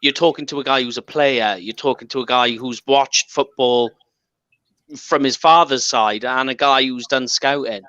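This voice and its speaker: A man from the UK co-hosting a casual fan chat, animated and teasing, laughing often. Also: mid-range voice, moderate pace, clear, resonant tone, dry recording, dull audio. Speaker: podcast co-host.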